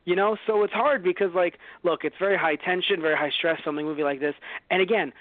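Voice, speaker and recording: A man co-hosting a casual movie review podcast, rambling and joking, slipping into quick impressions. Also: high voice, dry recording. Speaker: podcast co-host. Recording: phone-like lo-fi dry sound.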